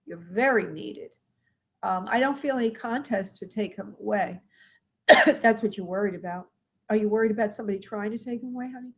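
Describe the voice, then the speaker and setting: A woman's voice: mid-range voice, fairly quick, slightly rough. A middle-aged woman, a spirit medium, gives live readings to callers, calling them sweetheart and honey and asking spirit yes-or-no questions. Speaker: spirit medium hosting a call-in show.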